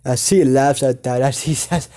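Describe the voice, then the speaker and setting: A man improvising a fan story as narrator, halting with many ums and restarts. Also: mid-range voice, mellow.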